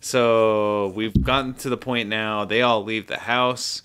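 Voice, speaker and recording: A man co-hosts a casual podcast with a bright, forceful voice. He is laid-back and makes fun of himself as he stumbles through a summary in short pieces. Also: lowish voice, fairly even intonation, clear, resonant tone. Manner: laid-back, self-mocking, summarizes haltingly. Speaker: podcast co-host.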